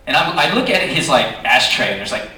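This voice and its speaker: A man telling a chatty, animated anecdote as a panel guest at a convention, recorded from far off in a large hall. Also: brisk. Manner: animated, chatty, with many fillers and lively jumps in pitch. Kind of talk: storytelling anecdote to an audience. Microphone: recorded from the audience, far from the speaker. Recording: echoey hall, distant audience recording.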